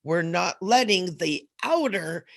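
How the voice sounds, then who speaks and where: A woman's voice: fairly low pitch, lively intonation, takes it slowly, creaky, fairly bright tone. A middle-aged woman hosting a casual spiritual livestream talk, rambling and laughing as she goes, a little sleepy and groggy. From Southern California. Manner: rambling, laughs often, frequent fillers. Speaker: host.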